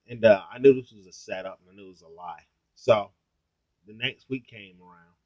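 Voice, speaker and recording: A man's voice: fairly low pitch, normal speed, mellow, no room sound. A young adult man telling a story on his vlog in a blunt, heavily profane, ranting way. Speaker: YouTuber. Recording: dull lo-fi sound, dry.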